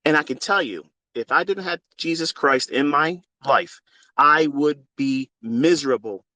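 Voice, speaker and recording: A middle-aged man speaks into a phone with a fervent, preachy intensity, slipping easy swearing in among talk of faith. His voice sits a little high for a man. The sound is dry and close, with no room around it. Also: measured pace, pushed and bright, dry recording. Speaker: trading mentor. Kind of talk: impassioned spoken monologue.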